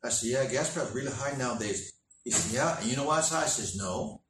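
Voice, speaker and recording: A man's voice: mid-range voice, lively intonation, fast talker, recorded from a distance, background noise. Folksy preacher man in an echoey room. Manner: folksy anecdotal telling with quoted dialogue. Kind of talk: sermon storytelling.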